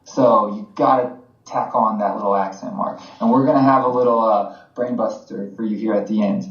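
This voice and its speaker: An American man co-hosting a podcast, explaining things in a relaxed, conversational way. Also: fairly low pitch, moderate pace. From United States. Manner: relaxed, conversational teaching with fillers. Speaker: podcast co-host. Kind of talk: casual explanatory chat. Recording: roomy, slightly dull podcast audio.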